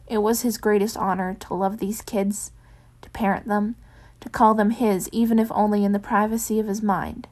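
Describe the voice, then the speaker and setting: Softly reading woman. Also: mid-range voice, level tone. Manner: soft, unhurried reading; chatty with many ums in the afterword. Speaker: fanfiction reader. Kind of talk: audiobook narration of fan fiction.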